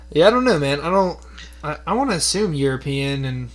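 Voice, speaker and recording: A young man co-hosting a podcast in a crude, joking, swear-heavy casual chat, with mains hum behind. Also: on the high side. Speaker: podcast co-host.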